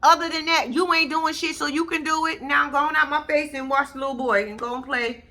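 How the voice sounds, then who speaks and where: A woman with a bright, forceful voice pitched a touch high runs through a reality TV episode in a casual recap. She is sassy and blunt, talks right to her viewers, and swoops way up when something excites her. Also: fairly quick.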